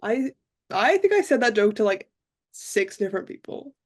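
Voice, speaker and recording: A young woman co-hosting a casual podcast. She talks in a rambling, deadpan way, full of fillers. Her pitch sits in the middle of the usual range for a woman. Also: moderate pace. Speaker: podcast co-host. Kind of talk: casual chat.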